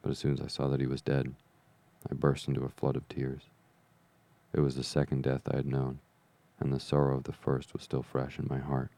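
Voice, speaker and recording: Deep gravelly audiobook narrator, a man. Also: monotone, a little fast, dark tone. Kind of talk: scripted narration.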